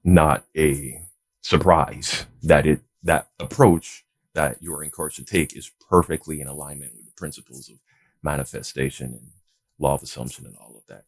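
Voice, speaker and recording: A young adult man giving casual parenting advice to his viewers, animated, swearing freely and calling them bro. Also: extremely low pitch, normal speed.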